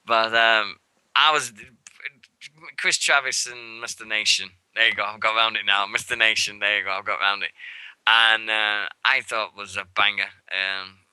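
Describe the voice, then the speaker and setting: A man co-hosting a wrestling radio show, chatting casually and excitably, swearing and acting out moments. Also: fairly low pitch, moderate pace, clear, resonant tone, no room sound, poor audio. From England. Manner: rambling and excitable, swears freely, acts out moments. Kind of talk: casual show recap chat. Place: radio studio.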